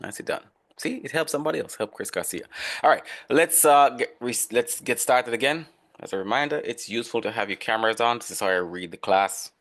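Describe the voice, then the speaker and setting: A man's voice: medium pitch, brisk, a bit bright. A man teaching an online class, explaining and calling on students by name in a casual, conversational way. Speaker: instructor.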